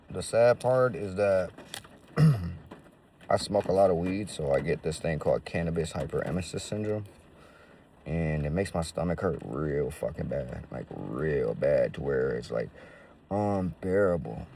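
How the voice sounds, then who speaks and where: Deep gravelly man, loose and slangy. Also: mellow, distant mic, slight background noise. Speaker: vlogger telling his life story. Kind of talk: casual storytelling.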